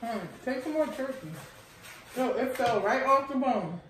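A woman's voice: high-pitched, a little slow, a little hiss or hum. A woman chatting easily while eating on a food review show, teasing her friend. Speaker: co-host. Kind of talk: casual mukbang chat. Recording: very echoey room, mic at a distance.

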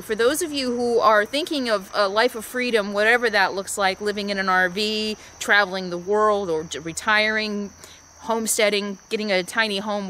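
A woman's voice: mid-range voice, bright, forceful tone, a little hiss or hum. A woman vlogging about her RV life at a trailhead, talking in a reflective, rambling way with restarts. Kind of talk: casual vlog monologue. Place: outdoors at a trailhead.

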